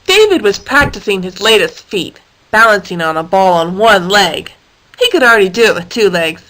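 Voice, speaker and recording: A woman reading a children's story aloud with a playful, expressive manner. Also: medium pitch, moderate pace, poor audio. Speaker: storybook reader.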